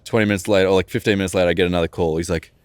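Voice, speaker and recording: A man's voice: sits low, steady tone, very fast. A young man co-hosting a podcast in casual chat. He rambles through stories and acts out the dialogue. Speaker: podcast co-host.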